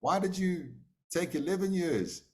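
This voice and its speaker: A wound-up yogi monk, his voice jumping high as he exclaims in disbelief, as a man puts him on while telling the tale. He sounds loud and agitated, a storybook hermit at the end of his patience. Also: expressive, measured pace. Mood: exasperated. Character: frustrated male yogi monk, pleading.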